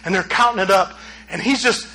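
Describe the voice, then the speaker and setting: Male preacher, very high voice, bright and forceful, animated storytelling. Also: brisk, low-quality recording. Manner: animated storytelling with acted quotes, rising to near shouts. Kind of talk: sermon.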